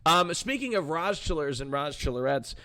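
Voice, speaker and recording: Young male streamer-host, bright tone, pitched a little high, loose rambling chat with his viewers. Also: sing-song, normal speed. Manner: rambling, chatty, talks back to his chat. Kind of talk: casual live-stream chat.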